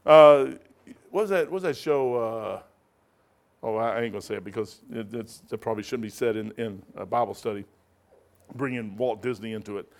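A man teaching a Bible study in a rambling sermon style, animated, often laughing and digressing, with sudden loud bursts. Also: on the low side, brisk.

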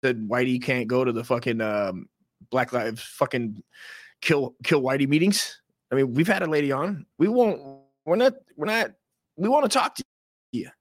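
A male podcast host rants in a loose, profane way, often stopping and restarting his sentences. His voice sits at an ordinary middle pitch. The recording is close and dry, with no room sound. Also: lively intonation, moderate pace, no echo. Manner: rambling, profane, self-interrupting. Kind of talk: casual rant.

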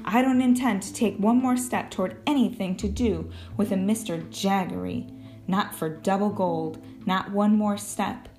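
A woman voicing a gruff, defiant male dock porter who talks bluntly in common speech. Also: medium pitch, normal speed, darkish tone, faint music behind, close to an everyday voice.

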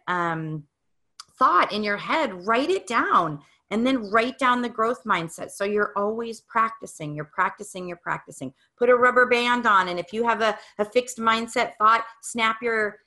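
Bright, upbeat motivational woman. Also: mid-range voice. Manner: upbeat and encouraging, coaching the listener. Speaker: speaker on growth mindset. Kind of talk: motivational talk.

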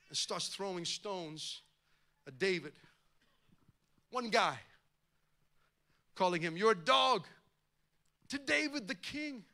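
A man's voice: sits high, bright, forceful tone. A male pastor preaching a sermon with impassioned, rising emphasis.

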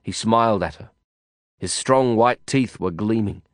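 An audiobook narrator reads a novel in first person, measured and reflective. His voice is fairly low, captured in a dry, clean studio recording.

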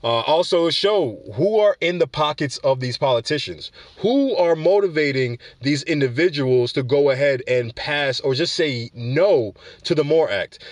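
A man's voice: fairly high pitch, no room sound. A man hosting a show, reading news aloud and breaking off for casual commentary. He trips over words and corrects himself. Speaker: show host.

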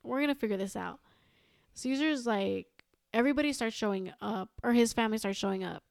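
A woman's voice: fairly high pitch, fairly quick, vocal fry, dry recording, studio quality. A young woman, a podcast guest, telling a long personal story in casual chat, quoting herself and others again and again. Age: young adult. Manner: rambling, quotes herself and others with "I was like".

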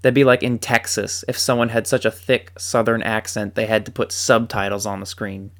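A man giving casual football commentary as a fan, animated and joking with dry sarcasm. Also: on the low side, moderate pace.

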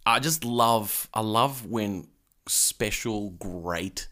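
A young man with a very deep, low voice talks loosely and casually as a podcast host. He drops swear words without fuss and laughs easily. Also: very slow, sharp tone. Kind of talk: casual chat.

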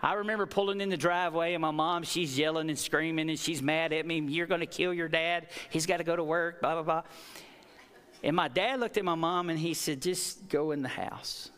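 A man preaching a sermon, moving between quiet storytelling and rising, emphatic exhortation. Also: a little high, fairly even intonation, brisk, clean tone. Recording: reverberant hall.

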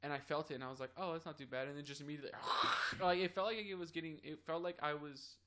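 A man's voice: a little high, steady tone, fast talker, sharp tone, clear, resonant tone. A young man co-hosting a casual podcast chat, rambling through a story and acting out what everyone said. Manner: rambling storyteller, acts out quoted dialogue. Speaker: podcast co-host.

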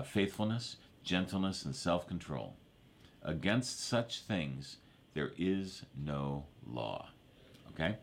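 A man preaching a sermon in a conversational way, often repeating verses and asking the listeners to agree. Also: deep voice. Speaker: pastor.

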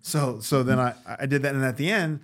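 Brief: man from New York, middle-pitched voice, guest storyteller, swears freely and acts out each voice. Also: brisk. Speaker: guest, actor and comedian. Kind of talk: casual storytelling.

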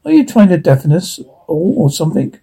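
A man reading the part of a grown man companion with a dry, sarcastic manner and a husky voice. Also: fairly high pitch, very animated, brisk, dark tone, full character voice, poor audio.

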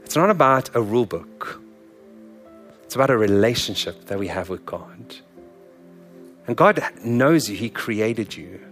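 A man's voice: on the low side, expressive, unhurried, pauses often, fairly bright tone, soft background music. Earnest conversational male pastor preaching. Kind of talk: sermon.

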